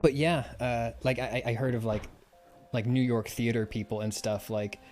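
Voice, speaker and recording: A male voice actor in casual conversation, at a middling pitch. He rambles and circles back, restarting his sentences. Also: steady tone, normal speed, darkish tone, faint music behind. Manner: rambling, many restarts and fillers. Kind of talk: casual chat.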